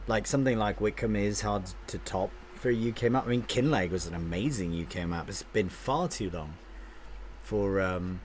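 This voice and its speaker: A man's voice: on the low side, moderate pace, a little hiss or hum. A man live-streaming a game, chatting casually with his viewers and answering their comments aloud, often restarting his sentences.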